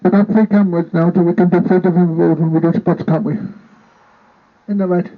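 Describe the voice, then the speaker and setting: Racing along in a high-pitched, steady voice, a man makes a casual vlog with a handheld microphone. He rambles playfully and repeats himself while talking to a partner off camera, captured with tinny, phone-like sound.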